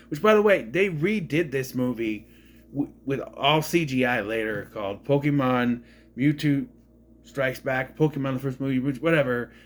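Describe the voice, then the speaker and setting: A man's voice: mid-range voice, measured pace. A man from Minnesota recapping a movie in a casual, rambling way, correcting himself and adding wry asides. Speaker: movie reviewer.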